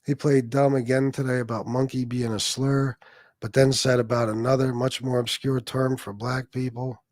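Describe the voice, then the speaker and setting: A man's voice: mid-range voice, little pitch movement, moderate pace, darkish tone, no room sound, clean studio sound. A man hosting a livestream, ranting at people in a heated, sarcastic, profane way. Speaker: livestream host.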